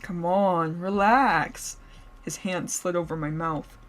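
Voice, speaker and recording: A woman voicing a calm, possessive male kidnapper who speaks softly and slowly. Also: lowish voice. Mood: coaxing. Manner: soft, slow and coaxing. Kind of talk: narrated story role-play.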